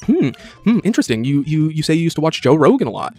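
A man co-hosting a reaction stream, talking in a sarcastic, mocking, halting way. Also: on the high side, very animated, darkish tone, soft background music. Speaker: co-host reacting to a video. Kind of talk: casual commentary chat.

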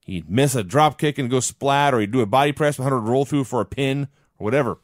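A man co-hosting a podcast recaps an old wrestling show in a wry, storytelling style, keeping the chat casual. His medium-pitched voice moves fast. The sound is studio quality with no room sound.

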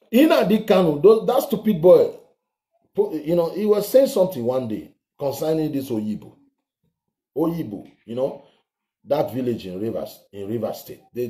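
A man's voice: medium pitch, dark tone. A man giving heated political commentary on his channel, scornful and ranting, swearing now and then. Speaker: vlogger. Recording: roomy echo.

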